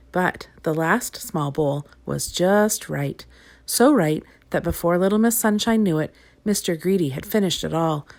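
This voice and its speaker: A woman reading a children's storybook aloud, expressive and clear. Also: fairly low pitch.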